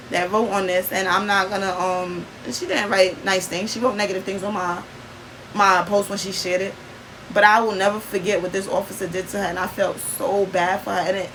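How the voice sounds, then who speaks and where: A woman's voice: medium pitch, a bit bright, slight background noise, low-quality recording. A young adult woman vlogging, telling a personal story in an earnest, emphatic way, with lots of fillers.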